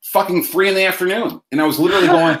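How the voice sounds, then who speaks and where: A man's voice: high voice, steady tone, racing, fairly bright tone, slight background noise. Profane rambling male talk host. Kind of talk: casual chat. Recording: echoey room.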